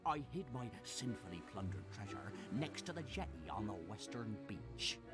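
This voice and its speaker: Casting: a low-voiced ghostly sea pirate, growling pirate accent, swooping mournful delivery, game music behind. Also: male voice, very animated, normal speed. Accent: pirate West Country. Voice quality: growling "arr", theatrical. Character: ghostly old male pirate, mournful and grand. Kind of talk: video game voice acting.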